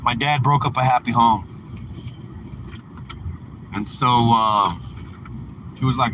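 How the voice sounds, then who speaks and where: Bright-voiced man chatting on a livestream. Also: medium pitch, measured pace, pauses often, a little hiss or hum, rough recording. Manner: rambling, candid, crude storytelling. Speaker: livestream host. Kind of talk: casual livestream chat.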